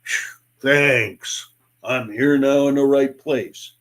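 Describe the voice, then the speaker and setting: A man's voice: medium pitch, slow pace. An older man, a sales speaker and author, telling stories in an interview and acting out sales dialogues in changing voices. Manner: animated, acts out sales dialogues in different voices. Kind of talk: interview guest storytelling.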